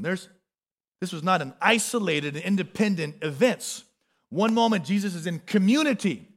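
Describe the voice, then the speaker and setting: A man preaching a sermon, a parent, with animated delivery, repeated refrains and acted-out quotes. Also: sits high. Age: adult, a parent. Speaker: pastor.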